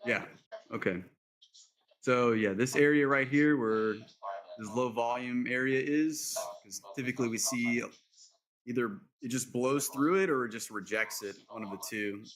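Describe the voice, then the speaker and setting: A man's voice: medium pitch, measured pace. A man co-hosting a trading stream from his desk, casually explaining his chart levels with frequent fillers. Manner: relaxed, explains setups, frequent um and like. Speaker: co-host trader. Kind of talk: casual live market commentary. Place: home trading desk with monitors.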